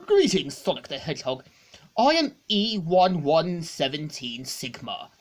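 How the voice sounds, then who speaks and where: A woman reading a polite robot, stiff formal wording, low voice, slow. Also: sing-song, full character voice.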